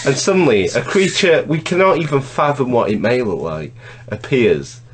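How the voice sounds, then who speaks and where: A man's voice: mid-range voice, big pitch swings, moderate pace. A man co-hosting a casual podcast, teasing and nitpicking playfully. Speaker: podcast co-host.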